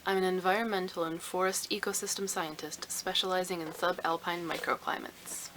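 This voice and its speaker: A woman reading the lines of a curt, tense woman scientist in a storybook excerpt, in her own low, bright voice. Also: flat delivery, a little fast, slight background noise, close to an everyday voice, rough recording.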